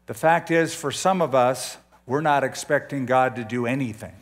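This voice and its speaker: A man's voice: fairly high pitch, animated, takes it slowly. An older man preaching a conversational sermon as a pastor, often putting questions to his listeners.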